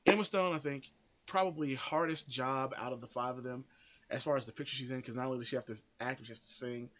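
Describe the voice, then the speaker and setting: Man, podcast host, blunt, swears, rambling, bright forceful tone, dull lo-fi sound. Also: medium pitch, fairly even intonation, fast talker. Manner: blunt, opinionated, swears freely; rambling with frequent restarts. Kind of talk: casual opinion commentary.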